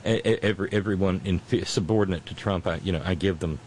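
A man's voice: low voice, a little fast, a little mellow, a little hiss or hum, rough recording. A man giving a casual political commentary monologue, mocking and sarcastic, often breaking off and restarting.

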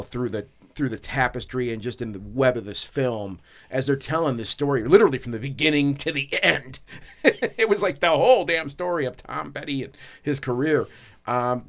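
A man's voice: mid-range voice, a bit bright. A man co-hosting a film podcast, chatting casually and rambling with lots of restarts. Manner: rambling, enthusiastic, many ums and restarts. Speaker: podcast co-host. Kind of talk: casual chat.

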